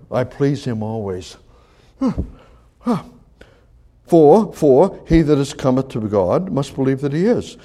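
Man preaching a conversational sermon. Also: medium pitch. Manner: conversational Bible teaching, repeats phrases, swings from loud emphasis to quiet asides.

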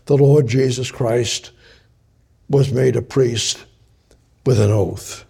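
Male preacher, Bible study teaching; gravelly, husky, halting delivery with frequent restarts. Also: medium pitch, fairly even intonation, mellow. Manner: halting, repeats and restarts phrases.

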